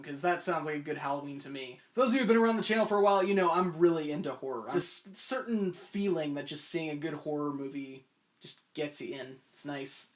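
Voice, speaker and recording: A man in his twenties hosting a comedic video essay, rambling with self-mocking asides. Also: on the high side. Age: 20s.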